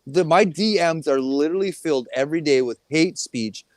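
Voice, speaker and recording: A man's voice: on the high side, fairly quick, dry recording. A man co-hosting a casual chat show, ranting heatedly and swearing constantly. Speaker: co-host.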